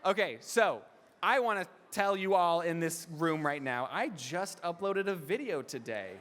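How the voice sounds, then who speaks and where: A man's voice: on the high side, expressive, measured pace, noisy background. A young man answering fan questions on stage at a live panel, rambling, laughing and restarting his sentences, on a handheld mic in a large hall. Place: large convention hall, in front of an audience. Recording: echoey convention hall PA.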